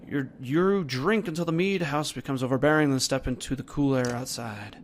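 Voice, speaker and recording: A man's voice: medium pitch, normal speed, few pauses, a little hiss or hum. Casual young man rambling over gameplay. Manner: casual and rambling, with many fillers. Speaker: game reviewer. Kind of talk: let's-play commentary and reading dialogue aloud.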